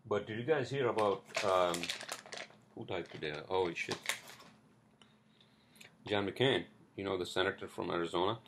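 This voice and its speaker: Gravelly low-voiced man rambling on a podcast. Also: normal speed, pauses often, fairly bright tone, slight background noise. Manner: rambling, profane, many fillers. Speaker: podcast host. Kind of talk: casual solo podcast rambling. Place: indoors at home, street traffic outside. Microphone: cheap headphones.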